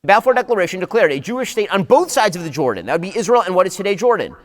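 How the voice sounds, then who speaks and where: A man delivering a rapid-fire debate rebuttal as a political commentator, insistent and lecturing. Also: high-pitched, sing-song.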